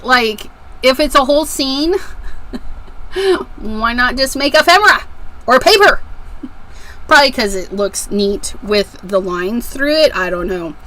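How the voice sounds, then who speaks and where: Chatty high-voiced craft livestream host. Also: female voice, sharp tone, low-quality recording. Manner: chatty, greets viewers by name one after another. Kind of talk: casual livestream chat while crafting. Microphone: desk microphone with a level meter.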